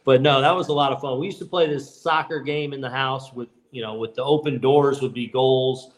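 A man in his fifties, a baseball manager and guest, telling stories in relaxed podcast chat, with frequent restarts. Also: medium pitch, moderate pace. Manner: relaxed, many restarts and "you know"s. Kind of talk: casual podcast storytelling.

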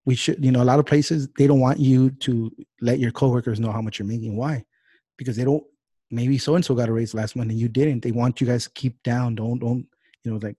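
A man in the middle of a casual podcast chat, getting fired up and swearing as he rants. His pitch sits in an average range. The sound is dry and close, with almost no room in it. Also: steady tone, warm tone, husky, no echo. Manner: heated, profane, fast-talking rants. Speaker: podcast host. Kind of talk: casual political rant.

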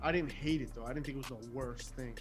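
A man's voice: mid-range voice, quick pace, faint music behind. A man in a casual group chat, brash and profane, with heavy slang.

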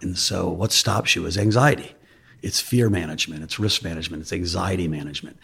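A man with a low, deeply husky voice talks as an interview guest. He tells loose, self-deprecating stories in a candid, conversational way. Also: brisk, a bit bright. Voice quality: raspy. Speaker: investor guest.

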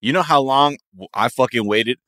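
A man's voice: mid-range voice, moderate pace, a bit bright, no room sound, studio quality. A man co-hosting a podcast, joking and riffing casually with frequent swearing. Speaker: podcast co-host.

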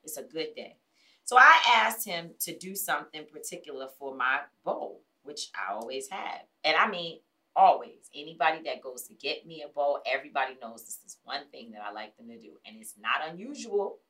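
A woman hosting a casual talk show, telling a story with animated delivery, acting out other people's lines and swearing bluntly. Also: low voice, normal speed. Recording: voice a bit distant from the mic.

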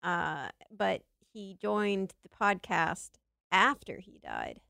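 A woman's voice: mid-range voice, huge pitch swings, takes it slowly, creaky, bright, forceful tone, dry recording, studio quality. A woman hosting a podcast, joking playfully in casual comedic chat. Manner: playful, jokey. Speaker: podcast host.

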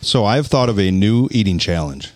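A man's voice: on the low side, lively intonation, moderate pace. A man in casual podcast chat, making short laid-back remarks.

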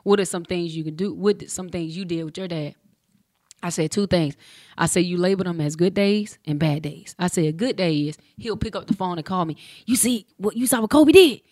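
There's no room sound on this clean studio recording of a woman in her forties, once a pro basketball player, sharing a personal story. Her voice sits on the low side and moves briskly, and she acts out the dialogue with lively slang.

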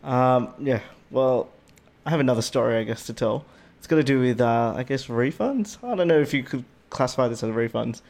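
An Australian man with a middle-pitched voice tells a story in casual podcast chat. He is animated and swears freely. His voice shoots upward whenever something annoys him. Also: fairly quick, hardly any pauses. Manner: animated, swears a lot, voice jumps up when indignant. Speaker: podcast co-host.

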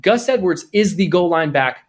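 A young man co-hosting a podcast, chatting casually and animatedly about fantasy football trades. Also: high voice. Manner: animated, quick, jokey. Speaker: podcast co-host. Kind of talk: casual sports chat.

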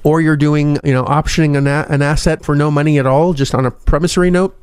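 A man's voice: a little high, level tone, fast talker, darkish tone, clear, resonant tone, no room sound. Podcast host guy, lil lisp, rambling, dry close sound. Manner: rambling, self-deprecating, laughs often. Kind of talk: casual podcast wrap-up.

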